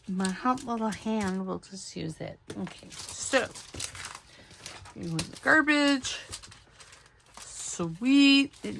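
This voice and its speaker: A woman's voice: mid-range voice, creaky, a bit bright, slight background noise. A woman hosting a crafting video, chatting casually and rambling as she searches for supplies and corrects herself. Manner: rambling, scattered, self-correcting. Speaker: craft channel host.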